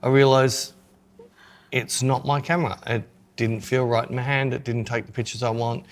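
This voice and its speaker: A man's voice: mid-range voice, little pitch movement, normal speed. A man co-hosting a podcast in casual chat, joking and self-mocking as he talks through his photography gear.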